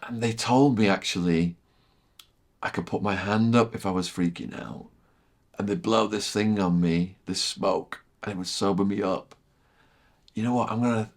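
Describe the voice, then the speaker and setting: A middle-aged man telling a vivid story as a podcast guest, repeating phrases and sinking to a hushed near-whisper at tense moments. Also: lowish voice, moderate pace. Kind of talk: storytelling in casual chat.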